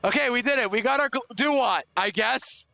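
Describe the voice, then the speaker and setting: A young man streaming a game live, chatting with viewers and loudly overreacting to surprises. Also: very high-pitched, normal speed, gravelly, dry recording.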